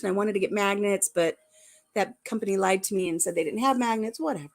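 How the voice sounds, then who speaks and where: A woman's voice: mid-range voice, fairly quick, darkish tone. An older woman hosting a casual live-stream chat, chatty and laughing easily at herself. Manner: chatty, laughing, self-deprecating. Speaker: vlog host.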